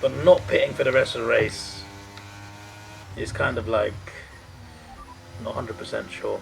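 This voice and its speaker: A man commentating casually as he plays a racing game, excitable and quick to mild swearing. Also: medium pitch, creaky, slight background noise. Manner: excitable, swears mildly, chants along. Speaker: gaming streamer.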